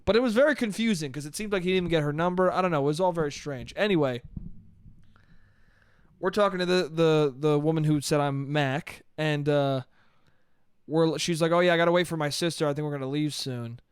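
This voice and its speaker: A man's voice: a little high, brisk, clean tone, no room sound, studio quality. A man around thirty rambling through a casual solo podcast, swearing often, mocking himself and laughing at his own stories. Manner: rambling, swearing, self-deprecating, laughs a lot. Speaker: podcast host.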